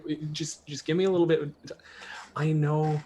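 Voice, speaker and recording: A man's voice: on the high side, little pitch movement, moderate pace, warm tone, slight background noise, voice pushed up, lightly acted. A man playing a stammering, pleading hobgoblin. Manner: stammering, pleading, over-promising. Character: anxious male hobgoblin pleading with his backer.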